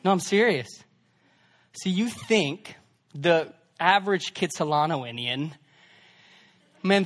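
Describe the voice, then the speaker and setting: High-voiced young pastor preaching conversationally. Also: male voice. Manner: conversational preaching, swings between loud emphasis and hushed asides. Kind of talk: sermon.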